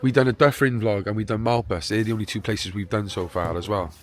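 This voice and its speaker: A man's voice: lowish voice, steady tone, fast. A man casually interviewing local people outdoors on a housing estate for a vlog. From Cardiff, Wales. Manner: chatty, friendly questions. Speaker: vlogger and interviewer.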